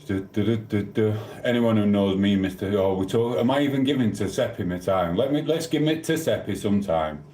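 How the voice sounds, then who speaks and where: A man's voice: fairly low pitch, a little fast, hardly any pauses, warm tone. A man with a South Yorkshire accent, chatting casually on a live stream, rambling and cheekily bantering with viewers' comments. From South Yorkshire, England. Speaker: livestreamer. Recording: echoey room.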